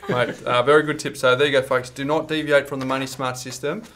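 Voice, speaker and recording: A talkative Australian man in casual podcast banter with his co-host. His voice sits at an everyday middle pitch, and he often breaks into laughter as he teases and tells stories. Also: flat delivery, fast, fairly bright tone, a little hiss or hum. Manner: chatty, laughing, playful teasing.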